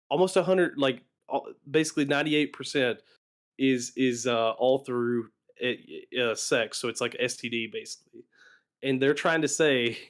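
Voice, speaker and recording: A man co-hosting a podcast in casual chat, with a mid-pitched, ordinary voice. He stumbles, restarts and laughs a lot as he talks. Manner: hesitant, many fillers and restarts, laughs often. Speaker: podcast co-host.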